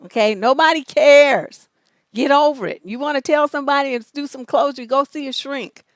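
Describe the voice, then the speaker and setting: A high-pitched woman relationship coach hosts a live-stream advice show, reading out viewer letters. She answers in a blunt, profane, scolding way. Her voice is recorded close and dry, with no room sound. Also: normal speed, dry recording. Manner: mocks letters in an exaggerated high voice.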